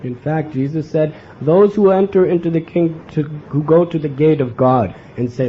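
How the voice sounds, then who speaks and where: A slightly high, mellow male voice speaks at a normal speed with few pauses as this American spiritual teacher gives an earnest devotional lecture, often prompting the audience with "huh?". Captured in dull lo-fi with faint ambience, the recording has slight background noise.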